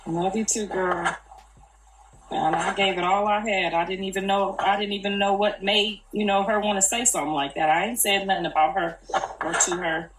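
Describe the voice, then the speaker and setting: A grandmother on a live video speaks in a mid-range, steady voice at a moderate pace. She's casual yet earnest, repeating herself in everyday speech, and the sound is noisy, echoey, and far off.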